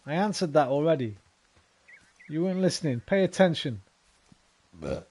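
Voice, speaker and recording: A man's voice: fairly high pitch, sing-song, normal speed, darkish tone, slightly rough. A young man giving casual, swear-filled commentary while playing a video game and talking back to it. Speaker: game streamer. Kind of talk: casual let's-play commentary.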